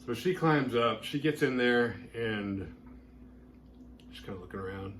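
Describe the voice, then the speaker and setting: A man's voice: mid-range voice, animated, unhurried, a bit bright, slight background noise. A man hosting a horror movie review show, recapping a film in a casual, rambling way with lots of filler words. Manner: rambling, heavy use of "like" fillers.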